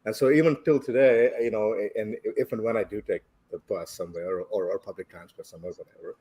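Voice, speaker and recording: A man's voice: lowish voice, fairly even intonation, quick pace, dark tone, slightly rough. A man from India, reflectively telling a personal story as a podcast guest and chuckling along the way. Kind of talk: casual storytelling.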